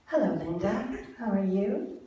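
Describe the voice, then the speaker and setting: Slow-spoken woman in a very echoey church hall. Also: medium pitch, lively intonation, lo-fi sound, a little hiss or hum. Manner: gentle, encouraging, unhurried instructions. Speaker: musician leading a song at a church service. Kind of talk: guiding a congregation through breathing and a singalong. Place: church sanctuary with live audience. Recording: very echoey room, mic far off, music behind.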